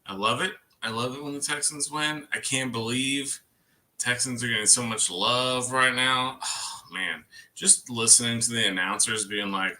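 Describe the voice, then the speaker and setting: Bright, forceful-voiced man chatting casually. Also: mid-range voice, fairly even intonation, moderate pace. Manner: chatty, rambling, laughs easily. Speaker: livestream co-host. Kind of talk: casual chat.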